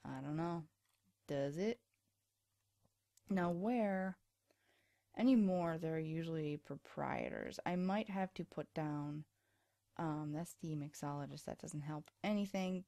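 A woman's voice: low voice, animated, slow pace, creaky, pauses often, dark tone, no room sound, studio quality. A woman casually commenting on her life-sim gameplay, tired and chatty, rambling and self-deprecating, recorded on a USB microphone. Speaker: let's play host.

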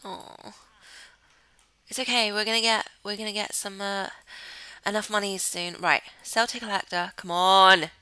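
A woman chatting excitably through Let's Play commentary, giggling often. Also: mid-range voice, measured pace, smooth, no echo, rough recording. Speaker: gamer host.

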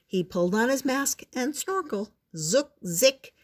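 Slow-reading older woman storyteller. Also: on the high side, lively intonation, a little hiss or hum. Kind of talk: reading a picture book aloud.

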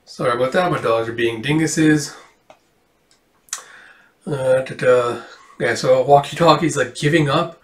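A man's voice: mid-range voice, a little slow, long pauses. A man casually retelling a comic book, chatty and loose, with swears and asides. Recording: roomy echo, distant from the mic.

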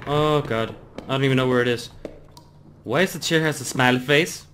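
A man's voice: mid-range voice, normal speed, background noise. A young man playing a horror game, nervous and jumpy, talking to himself as he searches and reads notes aloud. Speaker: gaming YouTuber. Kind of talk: horror game let's play. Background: game music.

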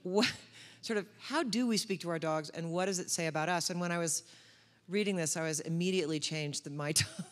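A woman's voice: on the low side, brisk. Playful woman interviewer in a hall. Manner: playful, joking questions. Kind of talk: conversational interview. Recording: long hall reverb.

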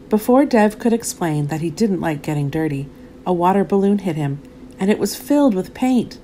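A woman reading a children's storybook aloud, with a lively, expressive voice that swings up and down. Her tone is low, mellow and warm. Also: normal speed, a little hiss or hum. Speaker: narrator.

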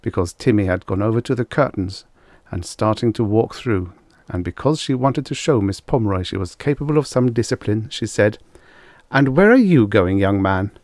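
A man narrating a vintage science fiction story in an expressive, theatrical way, with a slightly croaky voice. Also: lowish voice, a little fast, dry recording. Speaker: audiobook narrator. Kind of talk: scripted narration.

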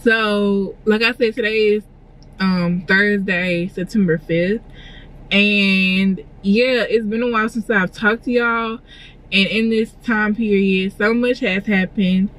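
A woman's voice: mid-range voice, fairly even intonation, slow, fairly bright tone, low-quality recording. A young woman chatting casually in a vlog from a parked car, full of fillers and gushing feeling. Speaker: vlogger and clothing designer.

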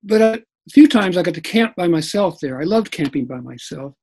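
A man in his sixties from Kentucky, giving an animated storytelling talk over a video call, laughing and acting out his own quotes. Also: high voice, brisk, gravelly, rough recording. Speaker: presenter.

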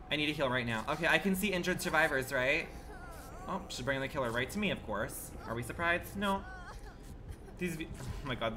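Guy streaming a game live, super animated voice jumping all over, loud reactions and swearing, kinda noisy mic. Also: mid-range voice. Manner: dramatic, exclamatory, profane, chatty with viewers. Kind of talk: casual live gaming commentary.

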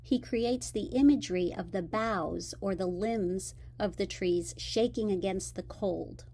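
A woman teacher narrating a scripted lesson in a clear, measured, explanatory way. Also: medium pitch, dark tone, slight background noise.

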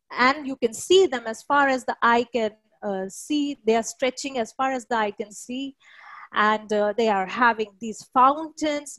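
A woman storyteller telling a folktale in an unhurried, descriptive way, with hesitant fillers. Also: a little high, fairly bright tone, dry recording, rough recording.

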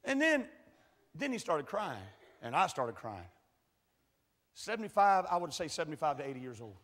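A man preaching a sermon and telling a folksy story, dropping to quiet asides and rising to shouted preaching. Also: on the high side, very animated, moderate pace. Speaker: pastor. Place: large church hall. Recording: echoey church hall.

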